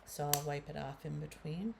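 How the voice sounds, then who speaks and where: Speaking at a moderate pace with vocal fry, this Canadian woman in her fifties keeps her low voice at fairly even intonation. Background noise accompanies her chatty makeup tutorial, where she addresses viewers as guys and fills her talk with fillers.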